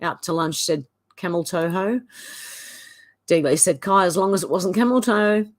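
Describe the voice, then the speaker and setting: An Australian woman hosting a livestream, reading viewers' chat comments aloud with chatty asides and quick laughs. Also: lowish voice. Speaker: livestream host.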